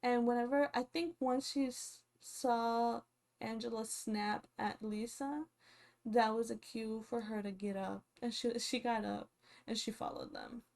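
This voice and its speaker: A young woman talking through a reality show recap in a relaxed, chatty way. Her voice sits a little high, and she takes her time, leaning on fillers and quick laughs. Her delivery is animated and conversational. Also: creaky. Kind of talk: casual commentary.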